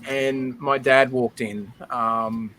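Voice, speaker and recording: Aussie bloke rambling thru a childhood memory, middle pitch, lots of ums, faint hum behind. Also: male voice, fairly even intonation, extremely slow, pushed and bright, poor audio. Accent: Australian. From Australia. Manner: emotional, nostalgic, chatty with many fillers. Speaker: guest telling a story. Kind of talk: casual storytelling.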